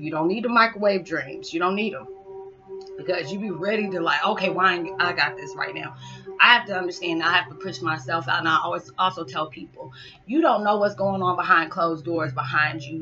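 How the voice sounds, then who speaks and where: Young woman, spiritual vlogger: tense, bright tone, emotional and rambling, lo-fi sound. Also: on the low side. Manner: emotional, hyper, rambling encouragement. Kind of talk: heartfelt motivational talk to viewers. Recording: slightly dull lo-fi sound with faint background music.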